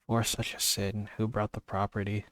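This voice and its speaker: Low flat-voiced man reading aloud. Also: moderate pace, no room sound. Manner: steady reading with restarts and brief asides. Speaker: streamer reading a book aloud. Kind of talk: casual reading aloud of a story.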